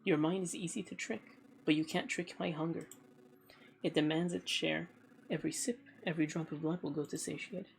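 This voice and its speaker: Game vampire, ancient and starving, gravelly and low, read plainly by a woman, brooding menace. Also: steady tone, brisk, a little hiss or hum.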